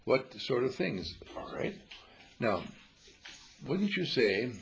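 A man's voice: medium pitch, sing-song, takes it slowly, creaky, a little hiss or hum. A man teaching a group at a monastery in a rambling, questioning way, often acting out quoted voices. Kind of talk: informal spiritual talk to a group.

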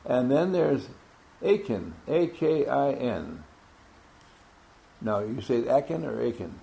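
A man's voice: mid-range voice, lively intonation, takes it slowly, vocal fry, mellow. A man leading a workshop, calling out names to his group and teasing them playfully. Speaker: workshop leader taking roll call. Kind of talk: classroom talk to a group.

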